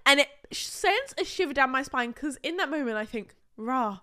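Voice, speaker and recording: A woman's voice: high-pitched, animated, a little fast, very noisy. A young woman co-hosting a podcast with her partner, blunt and indignant, swearing freely in casual banter. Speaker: podcast co-host.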